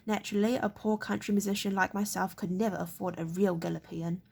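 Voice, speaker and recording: A woman's voice: medium pitch, fairly quick, vocal fry, husky. A woman reading a polite young minstrel. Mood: deferential. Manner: even and deferential.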